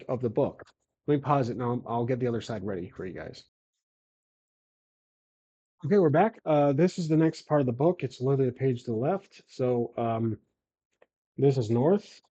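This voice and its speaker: A man's voice: medium pitch, warm tone, lo-fi sound. A man narrating a solo tabletop game casually, with many fillers and self-corrections as he rolls dice and talks through the story.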